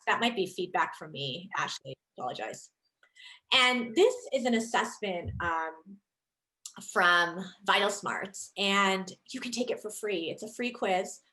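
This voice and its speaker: A woman in her thirties, a leadership coach, giving an enthusiastic, chatty online presentation over a video call. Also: medium pitch. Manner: lively, enthusiastic, chatty with many fillers.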